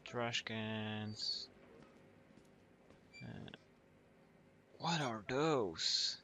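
A man's voice: fairly low pitch, lively intonation, drawn-out words, pushed and bright, slight background noise. A young man commenting nervously as he plays a horror game, joking and swearing as he goes. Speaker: gamer.

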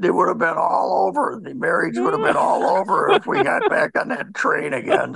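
Brief: gravelly male columnist guest, slightly higher pitch, wry grumbling anecdotes, rambling delivery. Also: a bit bright. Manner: rambling storyteller with many fillers and restarts. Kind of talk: casual podcast chat.

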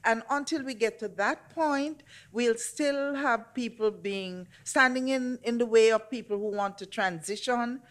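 A woman's voice: a little high, measured pace, few pauses, fairly bright tone. A woman speaking earnestly on a discussion panel, making her points steadily. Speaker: panelist, disability advocate. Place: festival screening venue.

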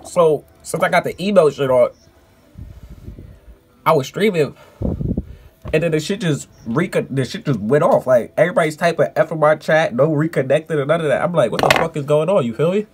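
A man who streams, telling a story in a casual, animated and profane vlog rant. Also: a little high, fairly quick, noisy background.

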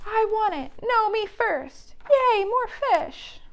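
A woman voicing a cheeky, naughty little girl penguin in a storybook, squeaky and bratty. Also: big pitch swings, slow, full character voice. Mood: greedy.

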